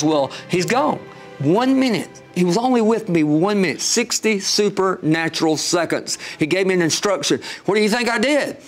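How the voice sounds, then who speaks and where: A man telling an emotional personal testimony, growing animated as the story builds. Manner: storytelling, gets animated and higher when excited. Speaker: guest telling his testimony.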